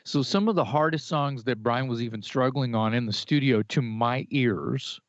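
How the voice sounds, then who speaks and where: A man's voice: medium pitch, moderate pace, no echo. Opinionated man on a dull, dry podcast mic. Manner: opinionated, animated, with restarts and fillers. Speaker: podcast co-host. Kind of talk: casual music chat.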